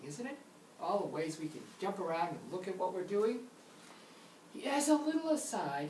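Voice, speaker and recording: A woman teaching grammar in a playful, theatrical way, her fairly low voice rising and falling with lively swings. She sounds set back from the microphone in a roomy, echoing space. A faint noise runs underneath. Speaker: English teacher. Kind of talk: grammar lesson monologue. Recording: roomy echo, mic at a distance, faint noise.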